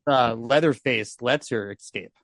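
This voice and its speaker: Sex: man. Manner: animated film buff, laughs often. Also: medium pitch, measured pace, dry recording, clean studio sound. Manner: animated, laughs often, points out shots and effects. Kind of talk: casual film discussion.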